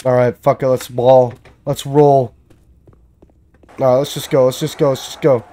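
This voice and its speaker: A man's voice: medium pitch, level tone, a little fast, dark tone. A young man from Canada, giving casual, profane commentary as he plays and talks to himself. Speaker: gamer.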